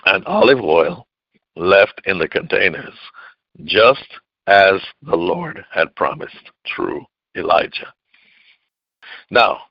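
Animated call-and-response preacher, dull recording. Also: male voice, no room sound. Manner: call-and-response preaching, repeats key phrases; swings from loud declaring to low murmurs. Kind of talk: sermon.

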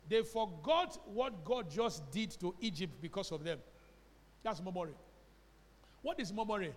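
Nigerian pastor preaching in a hall. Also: male voice, sits high, lively intonation, normal speed, long pauses, a bit bright. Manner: emphatic preaching with call-and-response questions; slips into Pidgin phrases. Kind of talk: sermon. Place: church hall.

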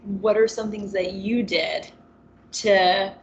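A young woman in her twenties chatting casually, self-aware and quick to laugh. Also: medium pitch, dull audio, slight background noise. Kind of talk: casual chat.

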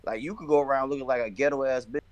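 A young man chatting casually with friends, animated and swearing, with lots of filler words. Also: mid-range voice, very fast, no echo, dull audio. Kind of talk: casual chat among friends.

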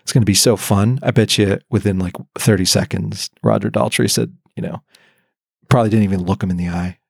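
A man's voice: fairly low pitch, fairly even intonation, brisk, vocal fry, husky, no echo, clean studio sound. A man co-hosting a podcast in casual chat. He talks animatedly and laughs often. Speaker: podcast co-host.

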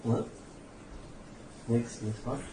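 A man's voice: medium pitch, extremely slow. Man questioning from across an echoey room. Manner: questioning, probing. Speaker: student in the class. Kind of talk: asking questions in a study class. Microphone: far from the microphone. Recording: echoey room from far off, background noise.

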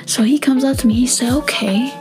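A young adult woman telling a story casually, animated and profane, acting out dialogue and sometimes dropping into a whisper. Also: sits high, fast, soft background music. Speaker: vlogger.

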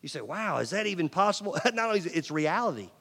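A middle-aged male pastor preaching a sermon, swinging from loud emphasis to near-whispers and asking the audience questions. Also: high voice, big pitch swings, fast, husky. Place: large church hall. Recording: long church hall reverb.

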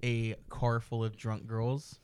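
A young man hosting a podcast, teasing his guest and telling stories in casual chat. He acts out the lines of the people in them. His voice is mid-pitched and smooth. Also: flat delivery, slow, a little mellow, dry recording. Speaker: podcast host.

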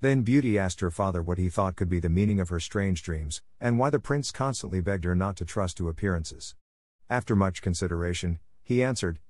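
A man's voice: sits low, expressive, a little fast, darkish tone, dry recording, clean studio sound. A man steadily reading a fairy tale aloud as narrator. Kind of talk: storybook read-aloud.

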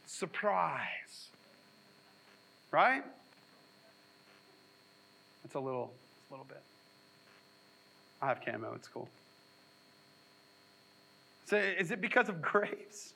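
A man's voice: sits high, expressive, measured pace, gravelly, long pauses, bright, forceful tone, rough recording. A man preaching a sermon in a casual, jokey way, slipping into sarcastic voices when he quotes people. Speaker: pastor.

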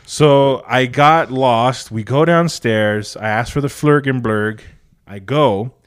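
A man's voice: mid-range voice, slow pace, clean tone. A man hosting a podcast in casual, blunt, heavily profane chat. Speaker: podcast host.

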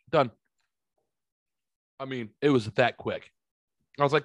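A man's voice: mid-range voice, normal speed, dry recording, studio quality. A man in his forties, telling stories in a casual chat, acting out quotes and swearing freely. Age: 40s. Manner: animated storyteller, acts out quotes, swears freely. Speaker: podcast co-host.

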